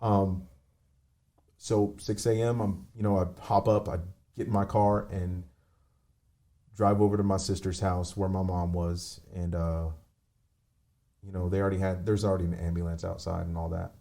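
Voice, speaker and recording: A man on a remote call telling a painful personal story, halting, with many fillers and restarts. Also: low voice, level tone, gravelly, dark tone. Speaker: podcast guest.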